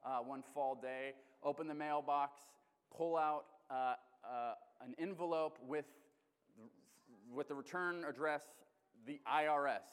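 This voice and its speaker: A male pastor with an Alaskan accent preaching a sermon in a conversational, animated way, restarting often. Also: a little high. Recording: long hall reverb.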